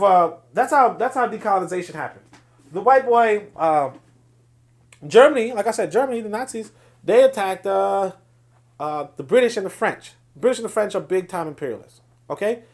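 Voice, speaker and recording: Passionate, digressive man hosting a livestream. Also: sits high. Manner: passionate, digressive, restarts often. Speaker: host of a political livestream. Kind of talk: livestream commentary reading viewer chat.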